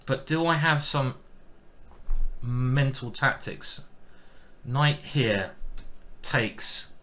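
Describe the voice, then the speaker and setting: A man talking through his chess moves on a live stream, musing out loud and teasing himself as he goes. His voice is bright and ringing. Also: medium pitch, very slow. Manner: chatty, thinking aloud, self-mocking.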